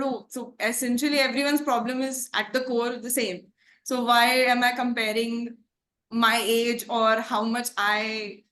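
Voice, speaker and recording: A young woman from India giving an earnest, reflective testimonial about a coaching course, often pausing with fillers and "like". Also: fairly high pitch, fairly bright tone. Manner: earnest, thoughtful, frequent fillers and "like".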